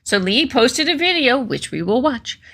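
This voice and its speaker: A woman's voice: high voice, sing-song, moderate pace, creaky, bright, forceful tone. A woman hosting a casual political commentary stream, reading news aloud with sarcastic, chatty asides to her viewers.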